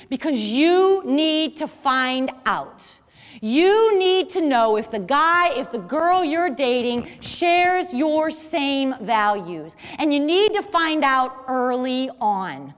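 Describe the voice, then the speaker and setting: A middle-aged woman with a high, lively voice tells a personal story to an audience. Her talk is conversational and animated. The sound rings with the long reverb of a large hall. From American Midwest. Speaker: speaker.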